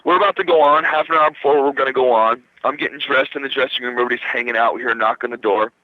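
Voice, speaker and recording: A man's voice: mid-range voice, racing, no echo. A man from Minnesota, a rock guitarist, telling a long backstage story in a casual radio interview, acting out the voices of the people in it and swearing casually. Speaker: guitarist guest. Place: radio studio. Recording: dull dry radio recording.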